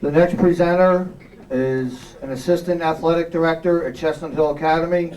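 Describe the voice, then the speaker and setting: A man's voice: fairly high pitch, steady tone, normal speed, a little mellow. A man serving as master of ceremonies, formally introducing the next presenter. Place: banquet hall. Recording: distant mic in a hall.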